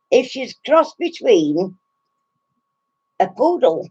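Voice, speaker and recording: A woman's voice: medium pitch, sing-song, very slow, long pauses, husky, lo-fi sound. A woman in her sixties, out of breath, chatting casually and giggling with live stream viewers, greeting them by name. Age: 60s. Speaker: craft channel host.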